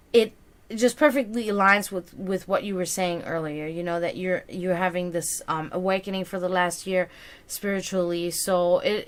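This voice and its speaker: A woman gives a live-streamed tarot reading to a viewer, sounding reassuring but tired and yawning, with many fillers and repeated words. Her voice is on the low side with a fairly bright tone.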